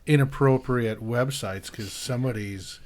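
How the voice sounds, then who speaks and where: A man from Wisconsin with kids, a podcast co-host telling a story in a relaxed, rambling way among friends. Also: medium pitch, measured pace. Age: adult with kids. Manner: relaxed, rambling with many "um"s and "you know"s.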